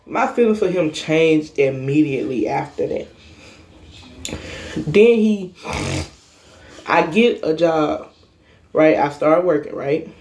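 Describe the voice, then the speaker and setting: A woman's voice: low voice, expressive, slow, long pauses, darkish tone. A young woman vlogger telling a personal story in a casual monologue, blunt, emphatic and full of cursing.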